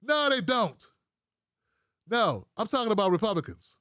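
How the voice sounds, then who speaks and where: High-voiced profane American man ranting. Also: very animated, normal speed, sharp tone, no echo, studio quality. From United States. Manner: profane, blunt, ranting to viewers; reads out live chat comments. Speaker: livestream host. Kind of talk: political commentary livestream.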